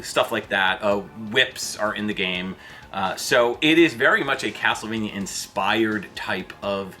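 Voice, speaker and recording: Guy ranting on his gaming channel, bright voice, loose and fed up, pitch shoots way up, faint music behind. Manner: exasperated, with sudden jumps up in pitch; loose, with fillers and restarts. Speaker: video host. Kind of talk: ranting commentary vlog.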